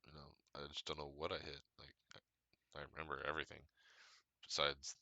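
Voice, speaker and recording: Podcast host, male, rambling and profane, very deep, dry close sound. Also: monotone, fairly quick, sharp tone, no echo, dull audio. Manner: profane, rambling, laughs often. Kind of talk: casual storytelling monologue.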